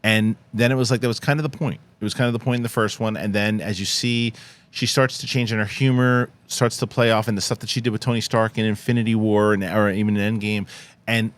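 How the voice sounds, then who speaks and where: A man hosting a casual film discussion, animated and laughing as he retells scenes. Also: fairly low pitch, fast talker. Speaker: host.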